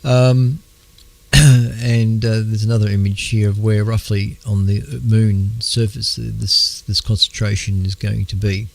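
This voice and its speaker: An Australian man hosting an astronomy radio show, talking in a halting, casual way with many fillers, clearing his throat as his voice wears out. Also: fairly low pitch, level tone. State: losing his voice. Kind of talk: casual astronomy news talk.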